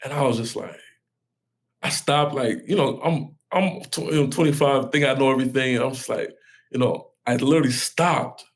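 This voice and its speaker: A man's voice: medium pitch, moderate pace, creaky. Earnest man telling a heartfelt story. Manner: earnest, heartfelt, talks in run-on bursts with many restarts. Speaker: podcast guest, pastor. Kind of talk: personal storytelling in a podcast interview.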